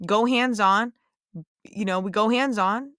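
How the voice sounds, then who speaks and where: A woman's voice: medium pitch, measured pace, fairly bright tone, no room sound, clean studio sound. A young woman and police officer hosting a podcast, lecturing listeners bluntly and emphatically, with plenty of swearing. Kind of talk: blunt opinionated monologue.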